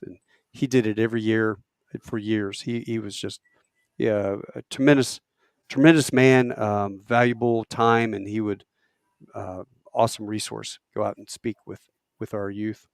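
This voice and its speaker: A man, a podcast guest, telling war stories in a lively way, acting out quotes with halting restarts. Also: lowish voice, gravelly, smooth, no echo, clean studio sound. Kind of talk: animated war storytelling.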